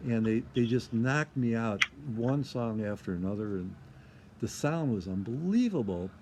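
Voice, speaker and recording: Against a noisy background, an older man from Michigan talks at normal speed in an expressive, mid-pitched voice. As an interview guest he rambles through casual stories, says things more than once, and performs other people's words.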